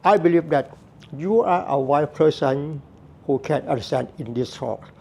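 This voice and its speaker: A man's voice: a little high, expressive, measured pace, gravelly, darkish tone, a little hiss or hum. A man giving a Buddhist teaching talk, earnest and repetitive, with non-native phrasing. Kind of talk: slow spoken Dharma talk.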